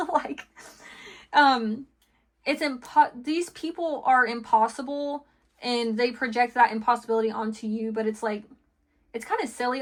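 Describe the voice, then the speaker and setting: A woman's voice: on the high side, fairly bright tone. A woman giving a casual tarot reading, rambling and chatty with lots of fillers and restarts, laughing between thoughts. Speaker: tarot reader.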